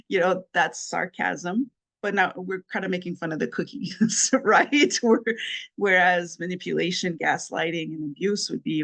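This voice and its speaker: Woman giving parenting advice in a steady voice. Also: lowish voice, unhurried. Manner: explains step by step, repeats key points, laughs lightly. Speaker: podcast host. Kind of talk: solo advice talk.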